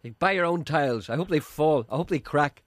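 Man, radio host, storytelling, mock-indignant teasing, lively pitch, dry close sound. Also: brisk, dry recording. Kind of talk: radio phone-in banter and storytelling.

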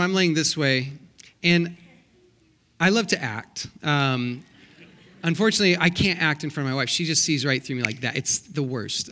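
Animated, bright-voiced male preacher. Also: a little high. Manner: animated, comic storytelling with voiced quotes. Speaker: guest pastor. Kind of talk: sermon with storytelling. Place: church sanctuary.

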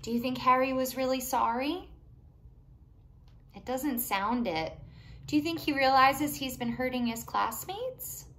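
A woman reading a picture book aloud to young children, animated and pausing to ask them questions. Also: high-pitched. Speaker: children's storytime reader.

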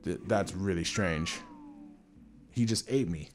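A male gameplay streamer giving excitable, nervously jokey commentary and swearing a lot. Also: sits low, slow pace, soft background music. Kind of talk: let's play commentary.

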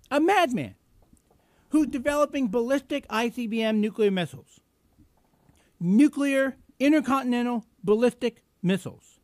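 High-voiced, indignant male political host. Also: darkish tone, no room sound. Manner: combative, sarcastic, indignant; many fillers and restarts. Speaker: host of a live internet political show. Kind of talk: political commentary rant.

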